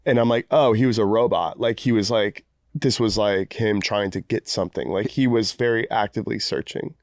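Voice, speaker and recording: Male podcast co-host, clear resonant voice, easygoing rambling delivery, dry close mic. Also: fairly low pitch, steady tone, moderate pace, no room sound. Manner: laid-back, rambling, says "like" a lot. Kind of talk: casual film-review banter.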